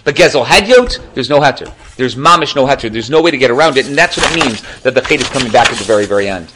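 Male rabbi, mid-pitched, animated storyteller for a Torah class. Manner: animated storytelling, quick asides. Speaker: rabbi lecturer.

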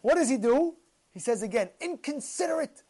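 Animated high-voiced man telling a sermon story. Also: normal speed. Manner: animated, repeats phrases for emphasis. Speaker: Torah teacher.

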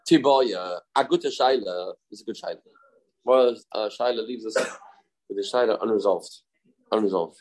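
A man's voice: on the low side, moderate pace, a little mellow, poor audio. Man teaching a Talmud lesson. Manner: conversational, repeats his points and uses everyday examples; mixes English with Hebrew and Aramaic study terms.

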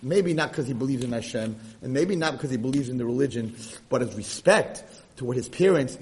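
A man giving a storytelling lesson, animated and lively, often repeating words as he gets going. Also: mid-range voice, a little fast. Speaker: lecturer.

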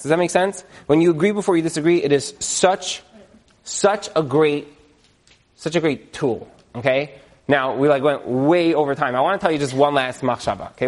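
A man speaking to an audience, telling a story in a chatty, animated way with lots of fillers and repeated words. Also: mid-range voice. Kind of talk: lively storytelling talk.

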